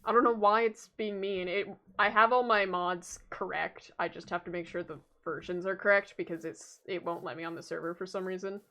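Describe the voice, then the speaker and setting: A woman's voice: on the low side, steady tone, a little fast, hardly any pauses, bright, forceful tone. Rambling Canadian woman streamer. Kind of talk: casual chat with viewers during a game stream.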